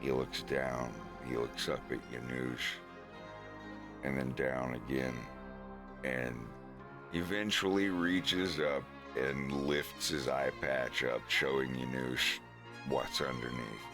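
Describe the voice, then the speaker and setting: A man's voice: very deep voice, fairly even intonation, slow, music in the background. A man streaming, casually retelling a story scene with fillers and giggles. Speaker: streamer narrating his animation script.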